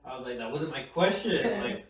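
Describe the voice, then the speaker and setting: Young guy podcast host, tells stories all animated, does the voices, swears a lot, kinda far off the mic. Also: mid-range voice, normal speed. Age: young adult. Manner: animated storyteller, acts out quotes, swears freely. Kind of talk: casual chat, storytelling. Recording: echoey room, mic at a distance.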